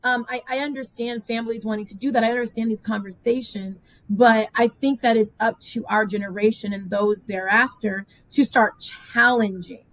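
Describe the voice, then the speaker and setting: A woman hosting a podcast interview, talking in a thoughtful, measured way. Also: a little high, steady tone, fairly bright tone. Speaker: podcast host. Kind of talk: casual interview talk.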